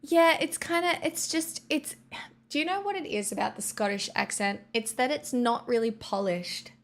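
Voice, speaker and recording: A woman's voice: on the high side, expressive, moderate pace, a bit bright. An Australian woman streaming live, chatting casually with her viewers in a rambling way full of "like" fillers. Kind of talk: casual chat.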